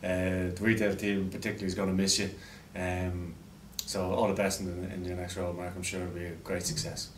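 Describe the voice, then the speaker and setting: Deadpan man, far off in a roomy office. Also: deep voice, brisk, hardly any pauses. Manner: deadpan, hesitant with many fillers. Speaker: colleague giving a leaving message. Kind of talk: mock-formal farewell speech. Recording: roomy echo, mic far off, faint noise.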